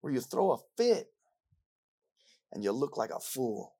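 A man's voice: mid-range voice, big pitch swings, measured pace, husky. Man preaching a sermon. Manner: repetitive, rising from quiet to loud.

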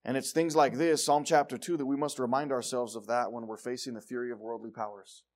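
A male preacher giving a sermon, reading scripture and moving from loud declarations to quiet asides. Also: mid-range voice, steady tone, brisk. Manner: reads scripture aloud in King James wording.

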